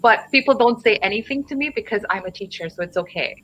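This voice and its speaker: A woman teacher runs a live online English lesson, explaining chattily and checking in often with "right?" and "okay?". Her voice is bright and clear, at a middle pitch. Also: quick pace, a little hiss or hum, low-quality recording. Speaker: teacher hosting a live call.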